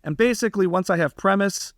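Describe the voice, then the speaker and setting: A man's voice: sits high, fast talker, no echo, studio quality. A man, a comedian guest on a podcast interview, talking animatedly and emphatically. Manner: animated, slips into impressions, emphatic.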